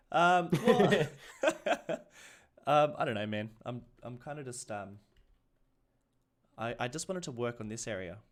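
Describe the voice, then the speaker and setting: A man's voice: medium pitch, lively intonation, unhurried, pauses often. An Australian man chatting casually while streaming a city-building game, laughing often and restarting his sentences. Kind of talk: casual livestream chat.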